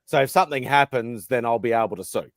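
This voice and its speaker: An Australian man hosting a casual online panel chat, talking in a relaxed, rambling way over a video call. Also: mid-range voice, fast talker, no room sound, studio quality. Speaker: host.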